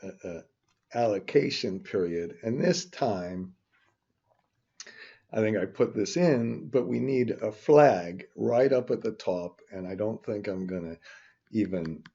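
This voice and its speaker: Rambling older man, slow and husky. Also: fairly low pitch, animated, mellow. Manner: rambling, self-interrupting, grumbling asides. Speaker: finance instructor. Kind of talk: screen-recorded spreadsheet tutorial. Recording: dull lo-fi recording.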